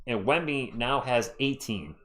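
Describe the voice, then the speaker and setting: A man hosting a live fan play-by-play stream, chatty and excitable, reading and answering viewer chat as he calls the game. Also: medium pitch, measured pace. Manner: excitable, voice jumps up when thrilled.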